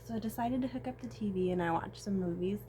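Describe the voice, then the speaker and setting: A young woman rambles through a personal vlog, swearing freely as her voice swings between tearful and laughing. Her pitch sits in a middle range, and there is faint noise behind her. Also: fast, dark tone.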